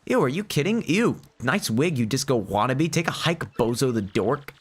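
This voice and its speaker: A man's voice: mid-range voice, sing-song, normal speed, breathy edge. A man voicing a sassy, scornful young woman with a snippy delivery. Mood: disgusted.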